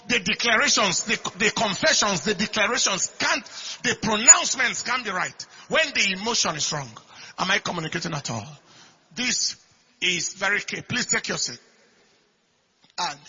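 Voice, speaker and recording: A man preaching a sermon, repeating phrases and swinging from quiet talk to shouted declarations. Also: sits high, breathy edge. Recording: dull lo-fi recording.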